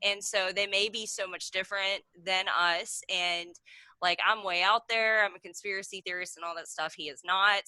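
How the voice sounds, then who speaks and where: A thirty-something woman shares a story in a casual video call chat, rambling and saying "like" constantly. Her mid-range voice stays steady, pushed and bright at a moderate pace, recorded dry through a video call mic.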